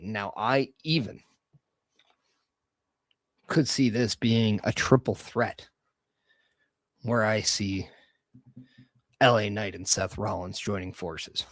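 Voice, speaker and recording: This solo podcast host speaks in a mid-range male voice with no echo. His delivery is casual and energetic, full of strong opinions and loose fantasy-booking chatter.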